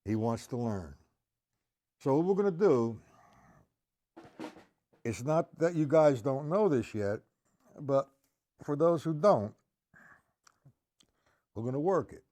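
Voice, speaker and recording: A man teaching a live-streamed drum lesson, patiently explaining and counting rhythms out loud, with faint drumming behind him. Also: medium pitch, very animated, slow, pauses often.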